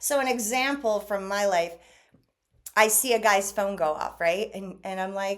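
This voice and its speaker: A woman vlogger talking casually to camera, animated, acting out quoted exchanges as she goes. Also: medium pitch, normal speed.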